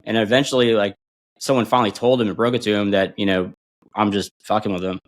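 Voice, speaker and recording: A man in his forties, a podcast guest and former bomb disposal instructor, telling stories in a casual, animated way and acting out quotes. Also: quick pace. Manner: animated, acts out quotes with big pitch jumps and laughs. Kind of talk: casual storytelling.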